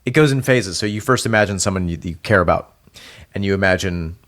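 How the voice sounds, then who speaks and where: A man's voice: deep voice, quick pace, a bit bright. A man co-hosting a podcast, explaining ideas thoughtfully in casual chat. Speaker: podcast co-host.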